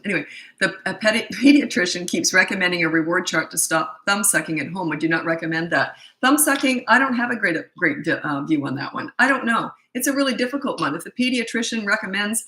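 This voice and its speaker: Fielding viewer questions in a relaxed live Q&A, a middle-aged woman coaches parents in a blunt, emphatic, repetitive way. Her medium-pitched voice is bright and forceful, and the low-quality recording is reverberant.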